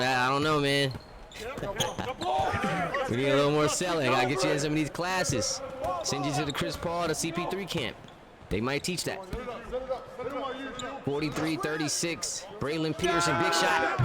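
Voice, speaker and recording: A man giving live, chatty play-by-play commentary on a basketball video game, getting excited and joking as he calls the action. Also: fairly high pitch. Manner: excitable, chatty, jokes and argues with the refs. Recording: loud game crowd noise behind.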